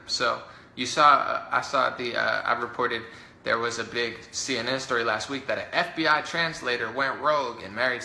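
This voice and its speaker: A man delivering a heated, indignant political rant to camera, talking fast with many fillers and mocking his opponents. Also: medium pitch, vocal fry, bright, forceful tone, slight background noise. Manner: rapid, indignant, mocks opponents in put-on voices. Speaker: political commentator. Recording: roomy echo.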